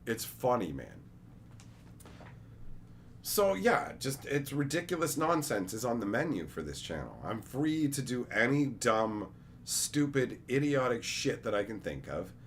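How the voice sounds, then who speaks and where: A man's voice: mid-range voice, sing-song, measured pace, a little hiss or hum. A young man chatting casually on a livestream, rambling, joking and swearing freely. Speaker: streamer.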